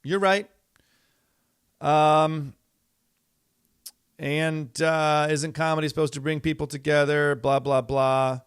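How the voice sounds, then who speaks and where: A man's voice: a little high, fairly even intonation, slow, long pauses, clear, resonant tone, dry recording, clean studio sound. A middle-aged man hosting a podcast, talking in a rambling, exasperated way with many fillers and restarts. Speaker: podcast host. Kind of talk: casual monologue.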